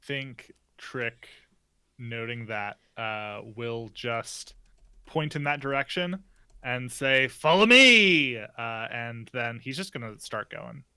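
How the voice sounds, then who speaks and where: A man's voice: mid-range voice, slow pace, clean tone, no echo, studio quality. A man playing a tabletop game, describing his character with jokes. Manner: joking, animated. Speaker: player.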